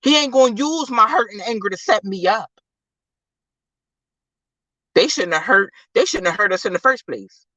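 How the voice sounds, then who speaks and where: Live-stream host, forceful faith pep talk, dry close sound, big swings from hushed low lines to loud high outbursts. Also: animated, normal speed, long pauses, no room sound. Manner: preachy, emphatic, repeats phrases, calls listeners baby. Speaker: livestream host.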